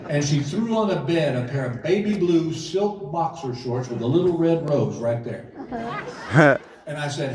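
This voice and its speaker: Middle-aged comedian on a big stage. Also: male voice, medium pitch, moderate pace, recorded from a distance. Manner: animated, self-mocking, acts out quotes. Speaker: stand-up comedian. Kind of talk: stand-up comedy storytelling. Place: casino theater stage. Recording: echoey hall recording from afar with crowd noise. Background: audience laughter.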